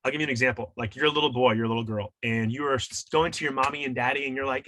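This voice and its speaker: A man's voice: medium pitch, fast talker, few pauses, bright, forceful tone, no room sound. A man coaching and teaching in an interview, emphatic and preachy, repeating his key points. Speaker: shadow work coach and author.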